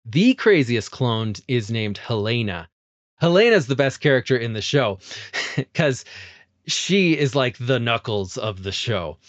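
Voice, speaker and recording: A man's voice: medium pitch, unhurried, no echo. Laughing man, dull lo-fi sound. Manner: laughs often, animated retelling. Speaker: podcast host. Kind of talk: casual film podcast chat.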